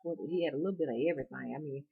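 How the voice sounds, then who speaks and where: Folksy low-voiced Southern woman. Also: racing, gravelly, slightly rough, narrow, tinny audio. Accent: Southern US, Alabama. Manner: rambling, folksy, chuckling often. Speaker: rootworker vlogger. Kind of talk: casual chat to viewers.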